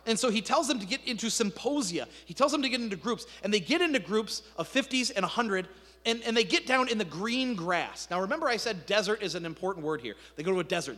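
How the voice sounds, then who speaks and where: A male pastor with a high voice preaches in a casual, talky way, asking his listeners questions. His voice rings with long reverb through a large sanctuary. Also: pushed and bright. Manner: conversational preaching, rising to fervent emphasis. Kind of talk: sermon.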